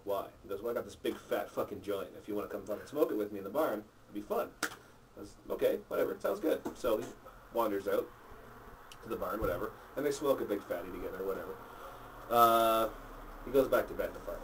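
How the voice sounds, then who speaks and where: A man's voice: fairly low pitch, expressive, quick pace, fairly bright tone, recorded from a distance, a little hiss or hum. A man telling crude, profanity-filled jokes to friends in an apartment, acting out each character. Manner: crude, swears freely, acts out characters. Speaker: joke teller.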